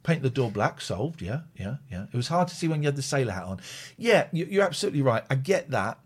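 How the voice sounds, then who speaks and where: A man's voice: mid-range voice, sing-song, quick pace, slightly rough. A man from the United Kingdom hosting a live stream show in casual, rambling, blunt chat. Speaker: show host.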